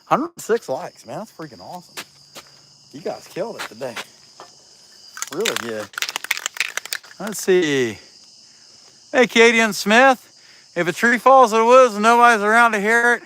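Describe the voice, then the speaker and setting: A folksy man from Southeast Ohio talks with a country twang in a fairly high voice, joking and greeting viewers by name as he works outside. Crickets and insects buzz faintly behind him in the open air. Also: lively intonation, unhurried, pauses often, pushed and bright, a little hiss or hum, low-quality recording. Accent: Appalachian Ohio. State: out of breath. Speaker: chainsaw carver livestreaming. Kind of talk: casual livestream chat while working. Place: outdoors at a rural carving spot.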